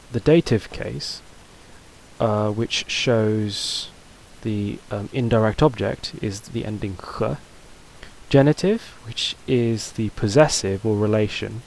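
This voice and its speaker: A man's voice: fairly low pitch, slow pace, gravelly, darkish tone, slight background noise, low-quality recording. A man teaching a casual video lesson, talking loosely with fillers and restarts. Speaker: language teacher.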